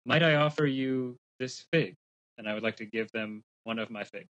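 A man's voice: medium pitch, normal speed, a bit bright. A man joking casually as a player in a tabletop game. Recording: dull lo-fi with faint noise.

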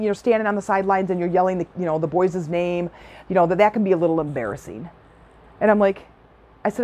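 A woman's voice: lowish voice, fairly quick, darkish tone. A middle-aged woman giving a chatty, enthusiastic personal-development talk, telling stories and laughing often. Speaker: self-help speaker.

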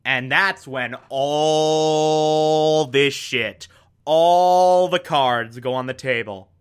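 A man's voice: fairly high pitch, extremely slow, clean tone. A man giving a passionate, casual recap of a TV episode, peppered with "like". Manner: passionate, lots of "like" fillers. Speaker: TV show reviewer.

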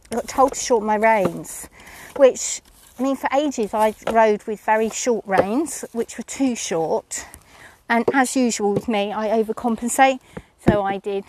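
A woman's voice: on the high side, a little hiss or hum. A woman chatting casually about her lesson, rambling and self-mocking, with frequent ums. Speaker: horse rider reviewing her lesson. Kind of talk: casual chat.

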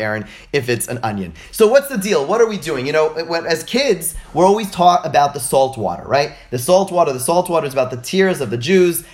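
A man teaches to a group over a video call, speaking at a medium pitch. His delivery is animated and conversational. He keeps asking rhetorical questions and answering them himself. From United States. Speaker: teacher of religious texts. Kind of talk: informal lecture on a call.

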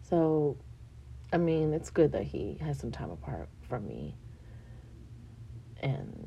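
Low, gravelly-voiced woman venting candidly. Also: big pitch swings, slow, long pauses, mellow, slight background noise. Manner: frank and rambling, with frequent swearing and fillers. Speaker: vlogger.

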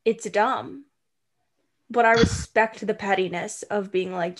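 A woman's voice: mid-range voice, fairly even intonation, slow. Chatty playful woman co-host. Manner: chatty, playful, many likes and restarts. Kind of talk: casual chat reviewing a movie.

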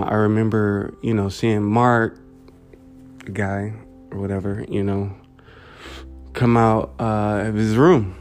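A man telling a painful childhood memory in a halting way, full of fillers and "you know". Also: on the low side, a little mellow. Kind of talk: personal storytelling.

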